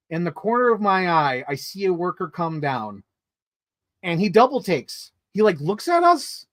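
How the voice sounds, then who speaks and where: A man casually reviewing movies in a vlog, telling stories in an excitable, rambling way full of swearing and filler words. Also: sits high, no echo, studio quality.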